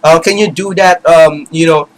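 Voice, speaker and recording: A man's voice: on the high side, steady tone, moderate pace, poor audio. A man giving an impassioned, rambling commentary rant, with many fillers and restarts. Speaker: video commentator. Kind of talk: ranting commentary.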